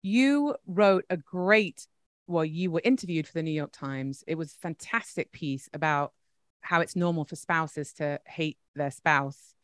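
A woman's voice: low-pitched, a little slow, no room sound, clean studio sound. A woman hosting an interview, affirming and reflecting back her guest's points in casual talk. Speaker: interview host.

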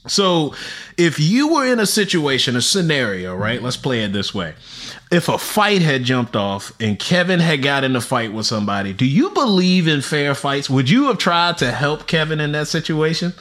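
A man's voice: on the high side, sing-song, normal speed, fairly bright tone. A man guesting on a podcast, talking in laid-back, slangy casual chat, full of "bro" and "man". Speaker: podcast guest, sales director.

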